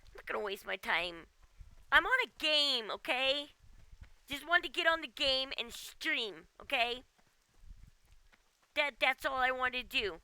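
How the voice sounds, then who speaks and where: Exasperated woman streamer: high, gravelly voice, very bright and sharp, dry close sound. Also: animated, unhurried, pauses often, no room sound. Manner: exasperated, keeps tagging "okay?". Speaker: game streamer. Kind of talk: casual livestream rant. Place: at home.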